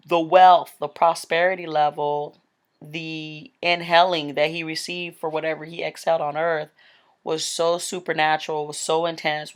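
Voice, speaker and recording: A woman giving a casual, rambling spoken testimony about a vision, full of "like" and "um". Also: low voice. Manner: chatty, rambling, with frequent "like" and "um". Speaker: Christian speaker telling a vision.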